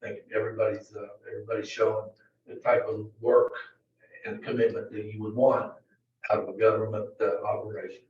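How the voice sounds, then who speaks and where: A man presenting a county budget to a board in a halting, filler-heavy way, recorded in a meeting room. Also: fairly low pitch, little pitch movement, darkish tone. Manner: halting, many fillers and restarts. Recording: distant, very echoey, dull meeting-room audio.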